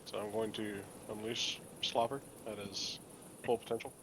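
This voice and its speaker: Lowish guy playing a tabletop game, eager and matter-of-fact, faint hiss. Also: fairly even intonation, normal speed. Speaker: player. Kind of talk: casual game chat.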